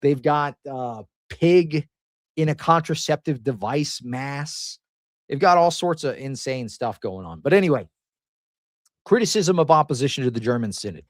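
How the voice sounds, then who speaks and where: A man's voice: medium pitch, animated, normal speed, no room sound. Guy hosting a news commentary show, slangy and laughing a lot, dry sound. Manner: casual, slangy, laughs often. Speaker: host.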